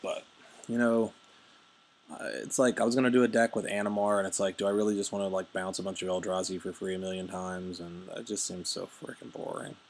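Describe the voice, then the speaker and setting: A man's voice: deep voice, flat delivery, a little fast, slight background noise. A man giving casual, rambling, jokey commentary while playing a card game. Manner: rambling, jokey, many fillers and asides.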